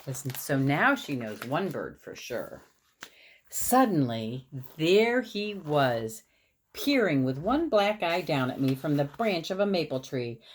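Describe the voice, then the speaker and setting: Slow, expressive woman reading a picture book. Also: sits low, slight background noise. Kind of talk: children's read-aloud.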